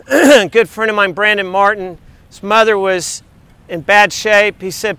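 A middle-aged man preaching with a high, clear, smooth voice and a lively delivery that now and then slips into singing worship lyrics. The sound is dry and close to the mic, with faint vehicle noise underneath. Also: a little slow, no echo. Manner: animated, sings along and speaks lyrics. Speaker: pastor. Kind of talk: sermon with sung worship lyrics.

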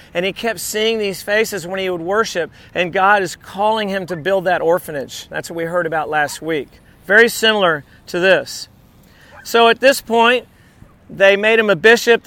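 A man's voice: high-pitched, a little slow, a bit bright. A man preaching a sermon in a conversational way, with asides and restarts. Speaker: pastor.

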